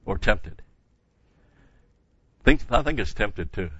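A man's voice: on the low side, animated, slow pace, sharp tone, slightly rough, no room sound, dull audio. An older man teaching a Bible passage verse by verse in a conversational way, stopping to correct himself and leaning hard on key words.

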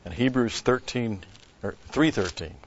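A pastor teaching an expository Bible sermon, speaking deliberately and stopping to explain Greek word meanings. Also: male voice, medium pitch, dull audio, slight background noise.

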